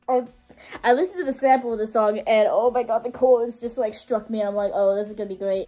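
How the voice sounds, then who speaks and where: A woman's voice: a little high, fast, dark tone. A young woman filming a music reaction vlog, gushing and squealing, repeating "oh my god" over and over.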